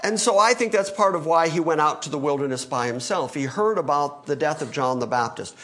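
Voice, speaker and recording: A man's voice: fairly high pitch, expressive, a little fast, a bit bright. A male pastor teaching through a Bible passage in an emphatic sermon, acting out the quoted lines. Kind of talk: expository sermon.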